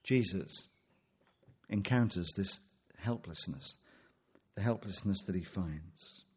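A man's voice: deep voice, slow pace, husky. A man preaching an expository sermon, asking rhetorical questions and quoting scripture.

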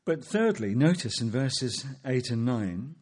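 A man's voice: mid-range voice, lively intonation, measured pace, darkish tone. A man preaching an expository sermon, asking rhetorical questions and quoting scripture.

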